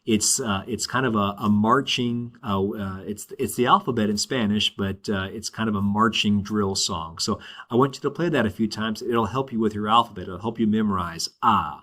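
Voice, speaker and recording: A man's voice: on the low side, moderate pace, few pauses, a bit bright. A male Spanish teacher giving a recorded lesson, explaining step by step and checking in with "all right" as he goes.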